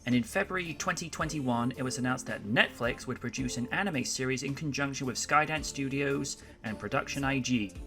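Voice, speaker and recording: Filmkritiker mit trockener Erzählung. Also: male voice, mid-range voice, fairly quick, few pauses, sharp tone, soft background music. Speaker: film reviewer. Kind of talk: scripted review narration.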